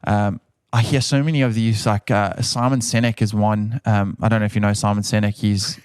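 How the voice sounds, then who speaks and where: A man from South Africa with a South African accent, co-hosting a podcast in casual chat, earnest and repeating himself, getting animated when he insists on a point. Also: lowish voice, a little fast, smooth, dry recording, studio quality. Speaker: podcast co-host.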